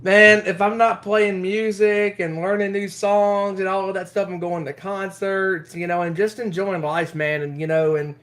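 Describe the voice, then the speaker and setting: A man co-hosts a wrestling podcast in casual chat. He talks in a rambling, earnest way, leaning on fillers. His voice sits a bit higher than most men's. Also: steady tone, normal speed, hardly any pauses, a bit bright. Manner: rambling, heartfelt, full of "you know". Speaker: podcast co-host.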